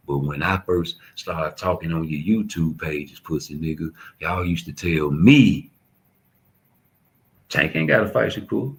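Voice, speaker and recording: A man's voice: sits low, creaky, poor audio. A young adult man, ranting bluntly and profanely in street slang as a commentator. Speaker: YouTube commentator. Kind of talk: casual ranting monologue.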